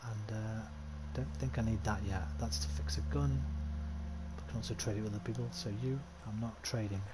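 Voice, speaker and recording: In casual let's-play commentary, a man streams a game while chatting, thinking aloud, and poking fun at himself. His voice sits on the low side with fairly even intonation and a brisk pace, and the recording is very noisy.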